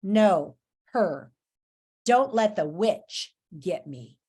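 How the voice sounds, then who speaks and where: Scared little talking coyote, begging soft and timid, woman reading it out. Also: mid-range voice, lively intonation, extremely slow, husky, exaggerated voice. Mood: frightened. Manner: timid, pleading. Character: small injured talking male coyote, frightened.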